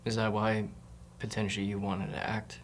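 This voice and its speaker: A young man interviewing, soft-spoken and attentive, asking questions with short affirmations. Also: lowish voice, completely flat delivery, normal speed. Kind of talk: interview conversation.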